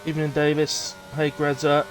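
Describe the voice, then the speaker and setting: A man's voice: fairly high pitch, moderate pace, slight background noise. Chatty West Country man commentating a race. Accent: West Country English. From England. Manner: chatty, relaxed, with frequent fillers and self-corrections. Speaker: sim racing commentator and streamer. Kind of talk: live stream race commentary with chat reading.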